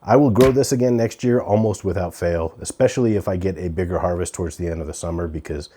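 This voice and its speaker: A man chatting casually as he reviews a pepper from his garden, relaxed and talkative with fillers. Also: sits low, quick pace, husky. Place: outdoors in a garden on a hot day.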